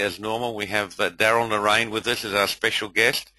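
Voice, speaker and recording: Older man, very low, bright voice. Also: fast talker, few pauses, dry recording, low-quality recording. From India. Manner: rambling, many fillers, friendly roll call. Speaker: host. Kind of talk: casual webinar welcome.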